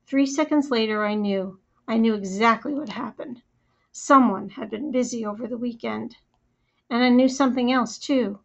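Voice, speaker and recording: A woman reading a first-person children's story aloud in a lively, chatty storytelling manner. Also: fairly high pitch, moderate pace, creaky. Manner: lively, chatty storytelling as a young girl narrator. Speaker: audiobook reader. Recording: slightly muffled recording.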